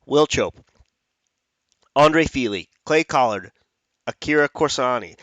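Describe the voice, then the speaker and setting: A man giving his fight predictions in a loose, chatty way, wandering off on tangents and fixing his own mistakes as he talks. His voice sits at a middle pitch. He is recorded close and dry, with no room sound around him. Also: expressive, takes it slowly, pauses often, fairly bright tone, no room sound. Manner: chatty, rambling with restarts and self-corrections. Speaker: MMA fight picks host. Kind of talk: casual fight prediction talk.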